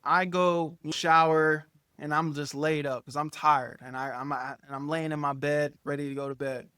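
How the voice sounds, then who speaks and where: A young man telling a storytime about a relationship in a casual, profane, animated way, acting out quotes with big jumps in loudness. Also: fairly high pitch, moderate pace, smooth, no echo, clean studio sound. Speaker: storytime YouTuber.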